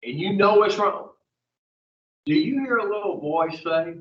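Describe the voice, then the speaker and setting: Heard from a far-off mic in a dull, reverberant space, a man with a high-sitting voice and lively intonation teaches an addiction recovery group at a measured pace. He's profane and direct, peppering his audience with questions.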